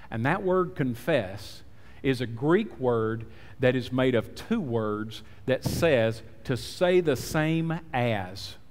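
In a church sanctuary, this pastor preaches as a storyteller, performing the voices of those he quotes. His voice is on the high side, trailed by long reverb.

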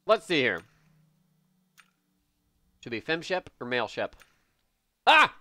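Male streamer, lively pitch, bright voice, joking live gameplay commentary, dry close sound. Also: slow pace, no echo. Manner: excitable, joking, thinking aloud. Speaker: game streamer.

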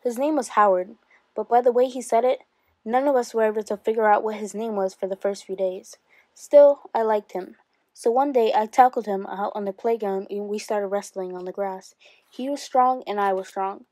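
A woman teacher reading a memoir aloud to her class, steady and expressive, with rises for emphasis. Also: mid-range voice, normal speed, dry recording.

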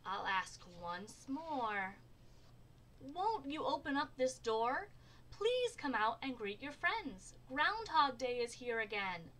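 A woman's voice: on the high side, very animated, slow, hardly any pauses, pushed and bright, slight background noise, pitched above the performer's own voice, heavily acted. A woman voicing an eager, pleading male mayor in a storybook reading, raising her voice to coax.

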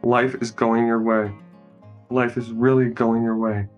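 A man's voice: mid-range voice, flat delivery, unhurried, muffled recording, soft background music. A man casually narrating a film scene by scene, joking and commenting as he goes. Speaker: movie recap narrator. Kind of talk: casual improvised movie narration.

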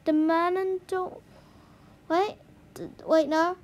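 In a slow, very high voice with little rise or fall, a woman talks through a language lesson on her vlog. She seems puzzled, giggles, and quietly tries out the new words.

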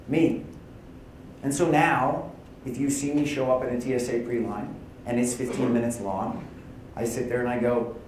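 In a very echoey conference hall, a man gives opening remarks as a personal keynote, telling candid, conversational stories and acting out quoted lines. His voice is medium-pitched and darkish, with a little hiss or hum on the recording.

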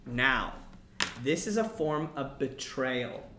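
A man's voice: on the high side, unhurried, echoey room. A man teaching a class about a play, explaining lines and acting out quotes with energy. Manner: animated, acts out quoted lines.

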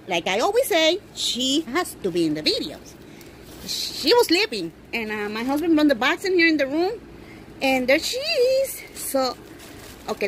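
A woman records an unboxing vlog at home and gushes with excitement. Her voice sits high and swoops widely in pitch. She talks at an unhurried pace. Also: slight background noise, low-quality recording. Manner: gushing, excited, coos over the doll. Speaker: reborn doll collector vlogger. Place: indoors at home.

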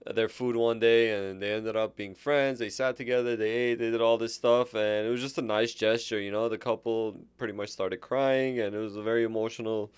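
A man with a smooth, resonant voice co-hosts a casual podcast and tells stories about customers, laughing often. The sound is dry and close to the mic. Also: on the low side, fairly even intonation, a little fast, hardly any pauses, dry recording. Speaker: podcast co-host. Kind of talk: casual chat.

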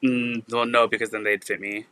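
A man hosts a casual live sale stream, chatting easily with plenty of "um" and "like" as he goes. His voice is bright and smooth, recorded close and dry with no room echo. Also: fairly low pitch, level tone, normal speed. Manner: chatty, lots of "like" and "um" fillers. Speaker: online resale seller.

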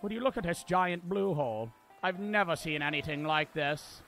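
A scheming, pushy sushi-bar boss, put on by a man in a hammy mock accent. The voice sits high and the reading is broad and theatrical. Game music plays clearly behind him. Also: expressive, normal speed, fairly bright tone.

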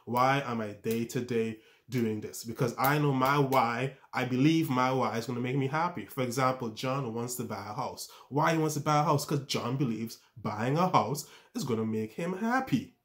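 A man's voice: mid-range voice, moderate pace, hardly any pauses, a bit bright. A man giving a self-improvement talk, coaching with rhetorical questions and often stumbling and restarting his words. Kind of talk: motivational talk to camera.

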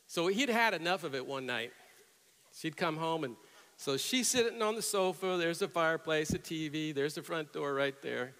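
A middle-aged male pastor preaching a sermon, telling stories and rising to loud, emphatic peaks. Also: a little high, normal speed. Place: church sanctuary with long reverb. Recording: reverberant church hall.

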